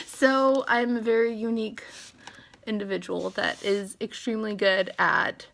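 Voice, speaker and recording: A woman's voice: a little high, little pitch movement, a little slow, gravelly, fairly bright tone. A woman in her thirties venting to her phone camera in a personal vlog, emotional, close to tears and laughing between words. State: close to tears, trying to hold it together. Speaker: vlogger.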